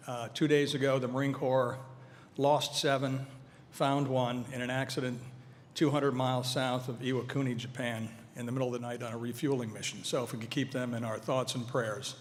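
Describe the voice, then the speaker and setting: A man of mid-range pitch delivers a measured, earnest speech to a room full of people, and he slips in light humor now and then. His voice rings out with a long hall reverb, and faint room ambience sits underneath. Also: slight background noise. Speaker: speaker at a veterans' event. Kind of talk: formal speech to an audience.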